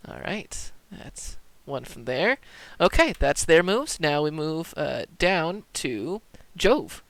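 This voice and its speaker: A man's voice: fairly high pitch, big pitch swings, slow, gravelly, a bit bright, dry recording. A man narrating as dungeon master in a casual tabletop game, talking loosely with many fillers. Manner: loose, filler-heavy descriptions.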